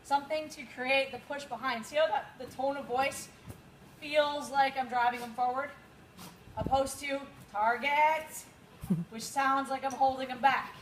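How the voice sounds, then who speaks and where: A woman instructor with a slightly high voice runs a dog agility class, explaining drills to students. She coaches in a practical way and breaks into quick cues for her dog. The recording is echoey, with loud background noise. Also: steady tone. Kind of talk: outdoor training class instruction.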